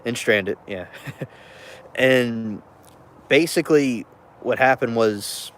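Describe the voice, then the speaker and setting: A man's voice: medium pitch, slow, long pauses. A man ranting casually about a film he watched, rambling and interrupting himself with chuckling asides. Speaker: vlogger reviewing a film.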